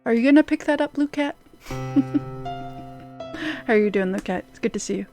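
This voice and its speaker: A woman streaming a story game, reading the characters' dialogue aloud in an unhurried, earnest way. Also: on the high side, expressive, darkish tone, soft background music.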